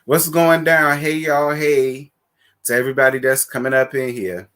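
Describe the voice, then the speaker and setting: A man hosts a casual live stream and talks to his viewers in a sassy, blunt way, full of cursing. His pitch sits at an everyday middle height, and he moves from playful shout-outs to frank, cutting remarks. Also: fairly even intonation, moderate pace, smooth.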